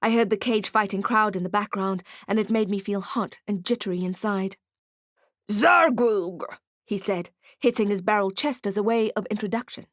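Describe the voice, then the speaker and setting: A woman reading an audiobook in first person with wry, expressive storytelling. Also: medium pitch, a little fast, few pauses, no echo, studio quality. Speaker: audiobook narrator. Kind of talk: scripted first-person narration.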